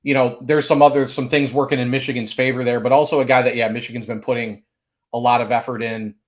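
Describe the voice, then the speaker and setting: A man co-hosting a sports podcast, speaking in a measured way with frequent filler sounds. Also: medium pitch, flat delivery. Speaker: recruiting analyst co-host. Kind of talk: casual sports podcast chat.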